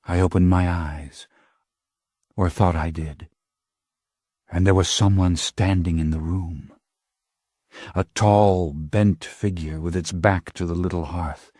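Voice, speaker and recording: A man's voice: steady tone, mellow, dry recording. A man narrating an audiobook in a dramatic, intense way, close to a studio mic. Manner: slow, low and intense, rising to urgent cries.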